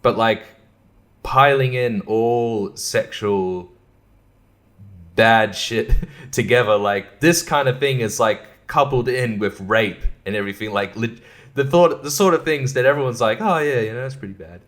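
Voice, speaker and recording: A man's voice: mid-range voice, measured pace, fairly bright tone. A man hosting a podcast alone, rambling in a sarcastic, profane way and chuckling to himself. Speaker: podcast host. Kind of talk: casual podcast monologue.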